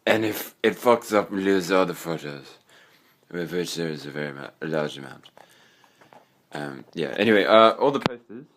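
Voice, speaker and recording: Casual room-tour vlogger: young Australian guy, deep voice, meandering and sweary. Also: expressive, moderate pace, a bit bright. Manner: rambling, swears casually, trails off with fillers. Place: own bedroom.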